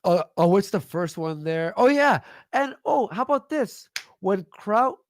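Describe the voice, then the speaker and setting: A man with a high, gravelly voice rants in fury on a livestream, cursing and hurling insults. He sits close to the mic, and the sound is dry and close. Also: lively intonation, unhurried, no room sound. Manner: angry, profane, shouting insults. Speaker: livestream guest. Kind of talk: heated livestream rant.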